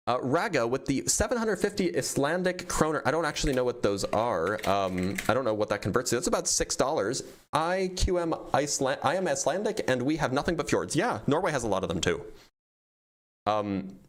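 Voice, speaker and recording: A man hosting a livestream, casually reading out donor messages and answering them with frequent laughs. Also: mid-range voice. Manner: reads donor messages aloud, laughs often. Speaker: streamer reading super chats.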